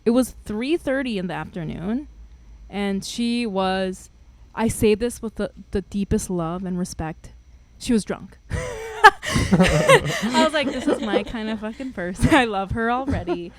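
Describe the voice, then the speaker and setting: A young woman co-hosting a podcast, telling a story in an animated, laugh-filled way with lots of fillers. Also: mid-range voice, a little slow. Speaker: podcast co-host. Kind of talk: casual chat, storytelling.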